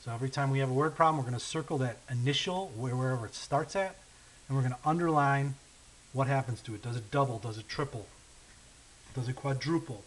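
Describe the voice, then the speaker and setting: Working through word problems one step at a time, a patient male math teacher thinks aloud as he writes and eases up on the important numbers. Frequent "okay?" and "right?" check-ins dot this recorded lesson. The mid-range voice is captured roughly, with a faint hiss.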